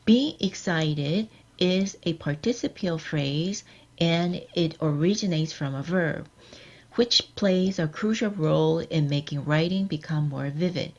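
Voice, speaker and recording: Woman, workshop lecturer, measured explanatory delivery, lowish voice, muffled webinar recording. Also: darkish tone. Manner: measured, explanatory, quizzing the audience. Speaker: workshop lecturer on journal editing. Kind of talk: scripted lecture with slides.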